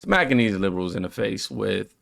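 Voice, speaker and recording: A man's voice: fairly low pitch, animated, a little fast, gravelly, fairly bright tone, no echo, studio quality. A man hosting a reaction channel, laid-back, reading viewer comments aloud and riffing on them.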